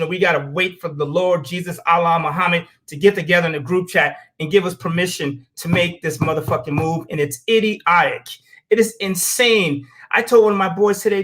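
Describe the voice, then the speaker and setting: This is an American man hosting a show, his voice high with a fairly bright tone. He delivers a heated, blunt, profanity-filled opinion monologue, weaving in stories with acted-out quotes.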